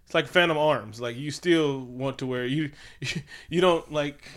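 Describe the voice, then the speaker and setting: A man's voice: on the high side, measured pace, a bit bright. A man co-hosting a casual movie review chat, profane and joking, acting out scenes in silly voices. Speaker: podcast co-host.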